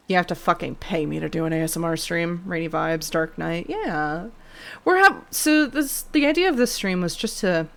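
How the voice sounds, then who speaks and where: A young woman streaming live, chatting casually with viewers, swearing freely and thanking them by name. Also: fairly low pitch.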